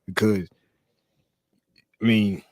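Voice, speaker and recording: A man's voice: fairly low pitch, steady tone, very slow, a little mellow, no echo. A young man, a guest on a podcast, giving earnest advice and tagging his phrases with "man". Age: young adult. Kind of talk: casual podcast chat.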